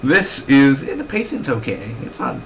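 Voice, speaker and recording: A man's voice: medium pitch, very animated, moderate pace, a bit bright, slight background noise. A young man reviewing a TV episode in a casual recap, rambling and ranting with lots of fillers and restarts.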